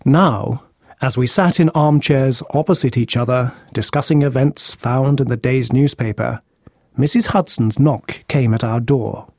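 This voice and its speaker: A man reading a detective story aloud in a steady, even narration. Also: medium pitch, a little slow, dry recording.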